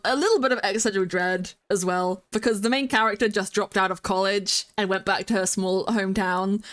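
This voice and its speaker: Chatty young woman streamer, excitable. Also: medium pitch. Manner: chatty, rambling, with many fillers and restarts; excitable, squeals greetings to viewers. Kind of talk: casual chat with stream viewers.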